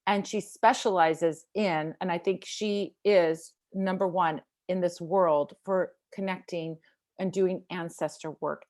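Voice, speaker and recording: A woman's voice: on the low side, darkish tone. A woman hosting a live video call, introducing her guest with effusive, enthusiastic praise. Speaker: host. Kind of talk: casual chat on a video call.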